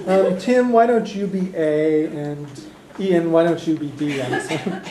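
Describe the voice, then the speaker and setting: A man teaching a beginner language class, relaxed and chuckling, with plenty of fillers. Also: fairly high pitch, a little slow, a little hiss or hum. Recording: echoey classroom.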